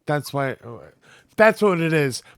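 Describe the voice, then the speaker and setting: A man's voice: on the high side, lively intonation, a little slow, clean tone. A man co-hosting a casual fan podcast, joking and teasing in a laid-back way. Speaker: podcast co-host.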